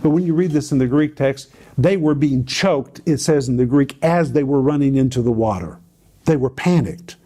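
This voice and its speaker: A man's voice: mid-range voice, moderate pace, dark tone. A man teaching on a Bible passage to a co-host, telling it in a dramatic, emphatic way with repeated phrases.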